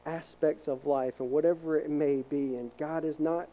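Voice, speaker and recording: A male pastor preaching a sermon, animated and acting out voices in the story, sometimes dropping to a soft hush to make a point. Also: fairly high pitch, moderate pace, dull audio. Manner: animated, acts out quoted voices; drops to a soft hush for emphasis.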